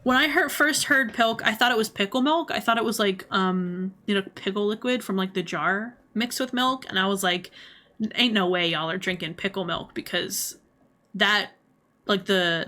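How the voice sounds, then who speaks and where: A young adult woman giving casual livestream commentary, animated, laughing often and swearing freely. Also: medium pitch. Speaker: streamer.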